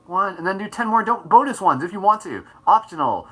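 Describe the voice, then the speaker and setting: A man's voice: high-pitched, lively intonation, brisk, few pauses, faint music behind. A man hosting a live morning meditation stream, guiding face exercises in a playful, upbeat way and laughing often. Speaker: host.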